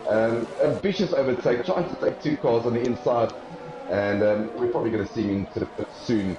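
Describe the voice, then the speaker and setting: A man with a South African accent commentating live on an esports race, an excitable play-by-play caller who rises in pitch with the action and uses plenty of fillers. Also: a little fast, echoey room, lo-fi sound.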